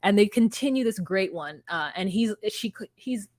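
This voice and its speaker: Brief: woman co-host, mid-pitched, wry storyteller, close dry sound. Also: lively intonation, moderate pace, a little mellow, no echo. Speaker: podcast co-host. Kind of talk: casual reality TV recap chat.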